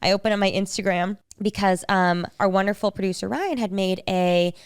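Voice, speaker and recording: Smooth-voiced chatty woman podcaster. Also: mid-range voice, fairly quick, dry recording, studio quality. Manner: chatty storytelling with many fillers. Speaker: podcast co-host. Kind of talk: casual chat.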